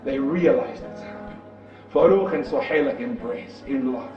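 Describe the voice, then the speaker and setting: A preacher telling a story in an animated, dramatic way and acting out the characters, in an echoey, distant, muffled recording with music behind. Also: male voice, mid-range voice, moderate pace.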